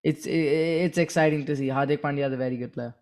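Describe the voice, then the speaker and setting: Hesitant, rambling man, slightly high voice. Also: steady tone, quick pace, a little mellow. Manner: rambling, hesitant, searching for words. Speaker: cricket podcast co-host. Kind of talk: casual sports chat.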